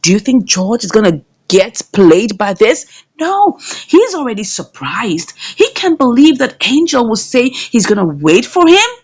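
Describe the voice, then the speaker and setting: A woman giving a lively recap of a drama episode, asking her viewers questions as she tells it. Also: fairly high pitch, measured pace, breathy edge. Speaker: drama series reviewer.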